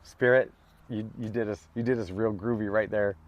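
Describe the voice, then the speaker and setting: A man's voice: fairly low pitch, fairly even intonation, moderate pace, dull audio. A middle-aged man giving a casual, heartfelt tarot reading that wanders through stories, with many stops and restarts. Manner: rambling, emotional, with many restarts and self-interruptions. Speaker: tarot reader.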